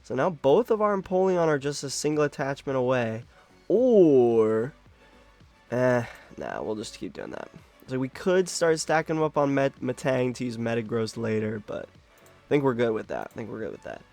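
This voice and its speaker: With soft music in the background, a young man who makes card game content narrates his game at normal speed in a medium-pitched voice. The commentary is casual and live, full of animated self-talk, swearing, and laughter at his own luck.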